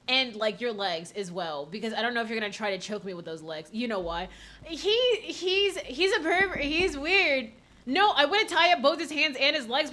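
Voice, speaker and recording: A young woman streaming a game playthrough, reacting with laughter, swearing, and excitable commentary. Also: high voice.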